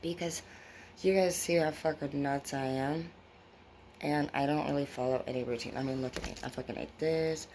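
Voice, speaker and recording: A woman's voice: sits low, steady tone, normal speed, dark tone, a little hiss or hum. A woman with grown children giving a casual tarot reading to her viewers, rambling, blunt and full of swearing. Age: adult with children. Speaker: tarot reader.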